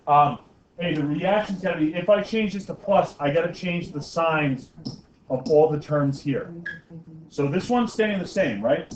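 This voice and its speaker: A man's voice: fairly high pitch, unhurried, distant mic. A man teaching a math class, joking with students and checking in with "okay?" and "right?" after almost every step. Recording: echoey, dull classroom recording from afar.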